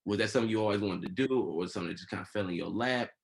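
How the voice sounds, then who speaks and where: A man hosting a podcast in casual chat, laid-back and slangy, thinking out loud as he goes. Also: lowish voice, very fast, gravelly, rough recording. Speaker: podcast host.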